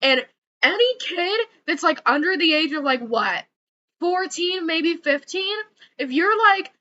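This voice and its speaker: A young woman with a high, bright voice rants heatedly into the camera, swearing and circling back over her points. The sound is a little dull and lo-fi. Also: expressive, a little slow, slight background noise. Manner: heated, swearing, repeats words. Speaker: vlogger. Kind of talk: angry rant to camera.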